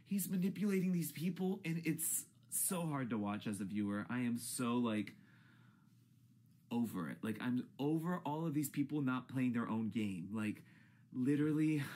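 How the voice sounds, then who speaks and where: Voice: medium pitch, darkish tone. A YouTuber in a profane, exasperated rant about a reality TV show, swinging from grumbling to shrieks. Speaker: YouTube ranter.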